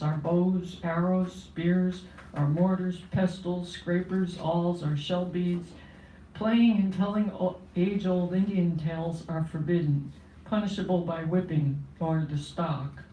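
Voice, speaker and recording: A poet reads at a cafe open mic in a measured, solemn way, with a dark, mellow timbre. The voice sits back from the mic in a roomy space, with a faint hum of ambience behind it. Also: mid-range voice. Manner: measured, solemn reading of a first-person poem. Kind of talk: poetry reading. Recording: roomy cafe sound from a distance.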